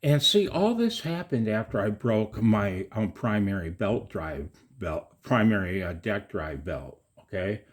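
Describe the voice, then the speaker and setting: A middle-aged man with a very deep, low voice rambles on to his viewers in a loose, chatty monologue. He takes his time, drawing the words out slowly, and sprinkles in swearing and jokes at his own expense. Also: expressive, husky. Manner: chatty, profane, self-mocking. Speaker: video maker.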